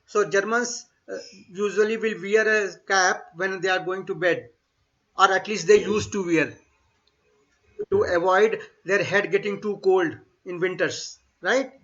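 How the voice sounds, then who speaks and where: A high, bright-voiced man keeps a steady tone while giving an online German lesson. He says each phrase slowly, repeats it, and explains it in English with pieces of Hindi, over dull, lo-fi audio that suggests a remote class.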